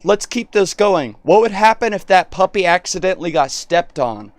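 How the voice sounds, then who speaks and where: A man on a live stream chatting with an AI, excitable and rambling, often cutting in. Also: high voice, moderate pace, no echo.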